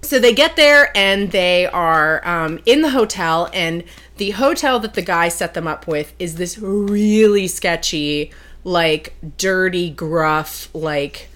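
A woman's voice: fairly low pitch, lively intonation, takes it slowly, fairly bright tone. Chatty woman recapping a story. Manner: hesitant, lots of fillers and self-corrections. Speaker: podcast co-host. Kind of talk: casual chat recapping a book.

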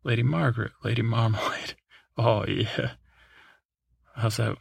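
A man's voice: mid-range voice, fairly even intonation, measured pace, gravelly, pauses often, breathy edge, no room sound, studio quality. A man hosting a sleep podcast, reading through a long list in a drowsy way, with chuckles, asides and bits of song. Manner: breaks into snatches of song. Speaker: podcast host.

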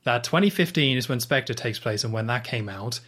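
A man co-hosting a podcast, chatting casually about a film and adding quick asides and jokes. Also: medium pitch, lively intonation, fairly bright tone. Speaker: podcast co-host. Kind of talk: casual film discussion chat.

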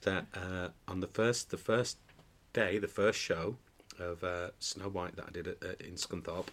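A man's voice: low-pitched, flat delivery, unhurried, a bit bright, a little hiss or hum. A man, a pantomime dame actor, chatting as a podcast guest, telling jokey anecdotes with frequent restarts and bursts of laughter. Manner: storytelling, jokey, many restarts, breaks into laughter. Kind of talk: casual chat, anecdotes. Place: indoor podcast recording.

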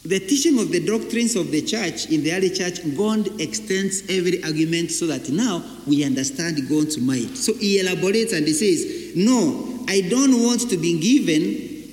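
A man's voice: on the high side, animated, moderate pace, hardly any pauses. A man preaching a sermon, emphatic and full of rhetorical questions, repeating his key phrases. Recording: echoey hall reverb.

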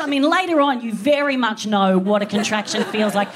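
A woman with an Australian accent telling a comic story on stage, animated and swearing freely as she acts out voices. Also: medium pitch, brisk, few pauses, a little hiss or hum. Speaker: comedian. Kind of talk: live stand-up storytelling.

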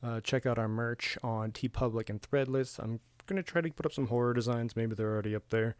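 A man's voice: medium pitch, brisk, no room sound. A man hosting a podcast in a casual, rambling style, with lots of fillers, restarts and the odd chuckle. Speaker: podcast host.

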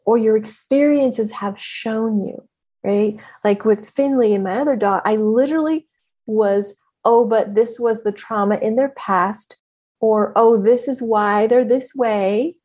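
A woman coach giving a motivational talk in an emphatic, animated way, laughing often. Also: on the high side, a little slow.

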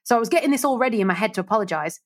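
A woman radio presenter, a guest in an interview, telling stories in a lively chat and acting out the voices of the people she quotes. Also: on the high side, very fast. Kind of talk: casual storytelling interview.

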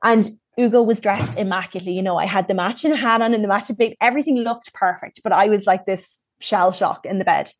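A woman's voice: mid-range voice, fast talker, few pauses, no room sound. A woman from Ireland, speaking as a guest and frankly telling her own story in casual conversation, with plenty of ums and likes.

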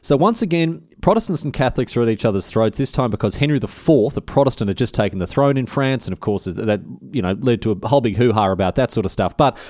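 A man's voice: mid-range voice, expressive, fast, hardly any pauses, darkish tone, no echo, clean studio sound. A man hosting a comic history podcast, rambling and jokey, often cutting himself off. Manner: rambling, jokey, self-interrupting. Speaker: podcast host.

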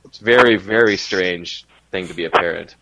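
A man's voice: sits low, moderate pace, bright, forceful tone, highs cut off. A young man and co-host, telling a story in casual chat with chuckles. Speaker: podcast co-host.

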